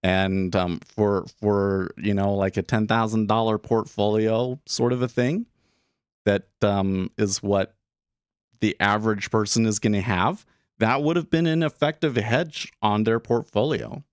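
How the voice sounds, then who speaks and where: A man's voice: fairly low pitch, measured pace, clean tone, no room sound, clean studio sound. A man hosting a day trading livestream, talking casually and rambling with lots of fillers and restarts. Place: home studio room.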